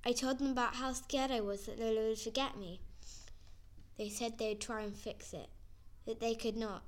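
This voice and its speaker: Female narrator, slightly high voice, earnest first-person story reading. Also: fairly even intonation, normal speed.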